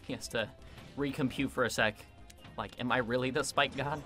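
A man giving casual gameplay commentary, excitable and self-mocking, quick to vent his frustration. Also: mid-range voice, faint music behind. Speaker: gaming video creator.

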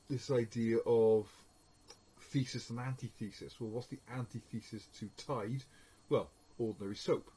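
A man's voice: lowish voice, dark tone, slightly rough, low-quality recording. A man giving an informal media studies lesson, hesitating often with fillers. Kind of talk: recorded lecture.

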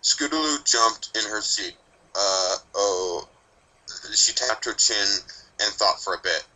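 A man narrating a fan fiction story in a plain, steady storytelling manner. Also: lowish voice, moderate pace, rough recording.

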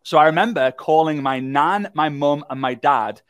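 A man gives a live online workshop. He tells a story in an animated, joking way and talks to his viewers in the chat. His voice sits a little high for a man, and it is recorded dry and close on the microphone. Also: normal speed, smooth, dry recording. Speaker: workshop presenter.

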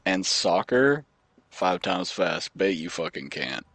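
Lively low-voiced man gaming with friends. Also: takes it slowly, dry recording. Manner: swearing, laughing, joking. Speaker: gamer. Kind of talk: casual gaming chat with friends.

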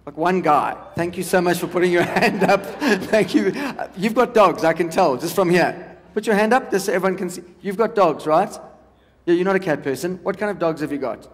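A man's voice: sits high, lively intonation, fairly quick. A South African man in his forties doing a stand-up comedy set, chatty and teasing the crowd. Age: 40s. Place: large hall on stage. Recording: long hall reverb.

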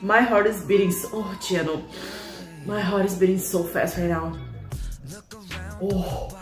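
A young woman hosting her own reaction channel, gushing excitedly and swearing freely as she reacts emotionally. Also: mid-range voice, a little slow. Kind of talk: casual reaction commentary. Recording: echoey room, faint music behind.

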